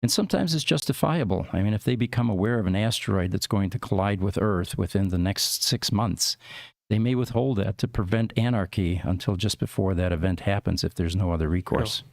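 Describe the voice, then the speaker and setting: A man's voice: on the low side, fairly quick, creaky, a little mellow, dry recording, clean studio sound. A man hosting a podcast, explaining tech news in a rambling, casual way with many fillers. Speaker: podcast host.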